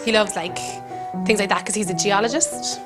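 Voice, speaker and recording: Deadpan rambling Irish woman from Cork. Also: medium pitch, moderate pace, over loud music. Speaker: comedian host. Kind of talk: deadpan comic monologue. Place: country kitchen.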